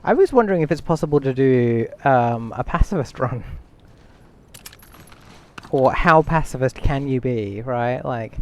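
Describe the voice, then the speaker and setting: A man streams a game and talks through it in a loose, rambling way, thinking aloud and chatting with viewers. His voice sits at an ordinary middle pitch. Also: unhurried, long pauses. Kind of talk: casual gameplay commentary.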